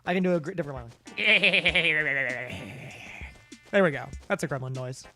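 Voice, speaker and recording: A man's voice: a little high, a little slow, faint music behind. A man chatting casually and playfully while streaming a video game at home. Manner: playful, excitable, jokey.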